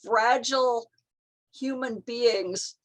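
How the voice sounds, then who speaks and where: A woman's voice: a little high, slow. A woman who is a guest author, talking thoughtfully in casual chat.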